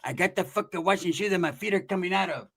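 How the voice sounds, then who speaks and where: A man voicing his gruff, blunt cousin just out of prison, mumbling low in a comedy story. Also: fast, fairly bright tone, exaggerated voice. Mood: grumbling.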